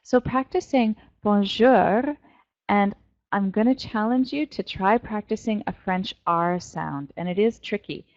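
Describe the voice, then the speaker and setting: A woman teaching an online French class to young students, playful and animated as she explains pronunciation. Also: medium pitch, moderate pace, no echo, dull audio. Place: virtual world classroom.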